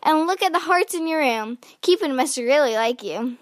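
A woman's voice: high voice, lively intonation, moderate pace, dry recording, studio quality. A woman voicing an easygoing young boy in a storybook, speaking matter-of-factly. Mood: cheerful.

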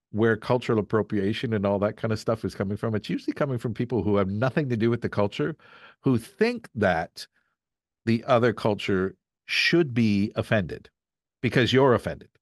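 A man from Canada chats as a guest, spinning long, wandering stories and slipping into quick voices for the people in them. His voice sits on the low side, and the recording is dry and close, with no room around it. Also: expressive, no echo. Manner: rambling, storytelling with acted-out quotes. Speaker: guest voice actor. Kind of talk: casual podcast chat.

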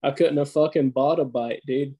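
A man co-hosting a podcast in excitable, profane casual chat, calling everyone "dude.". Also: mid-range voice, normal speed, breathy edge. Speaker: podcast co-host.

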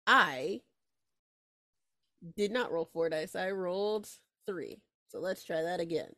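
Hesitant woman player, lowish voice. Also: slow pace, bright, forceful tone, no room sound, studio quality. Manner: hesitant, many ums and likes, giggly. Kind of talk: casual tabletop game play.

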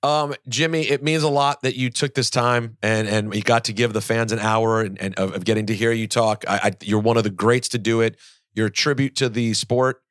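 Male podcast host, relaxed, appreciative, dry close mic. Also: mid-range voice, fairly quick, no echo. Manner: relaxed, appreciative, laughs along. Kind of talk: casual interview.

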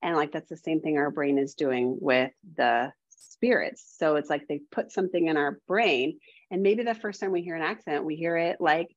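Low-pitched woman guest, casual rambling talker, heavy on "like", dull dry lo-fi audio. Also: moderate pace, no room sound. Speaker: guest, developing medium. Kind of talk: casual podcast chat. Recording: dull lo-fi sound.

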